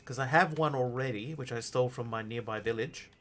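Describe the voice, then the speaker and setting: A man's voice: medium pitch, brisk, a bit bright. A man streaming a game live, chatting casually and greeting viewers while he plays. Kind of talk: live gameplay commentary.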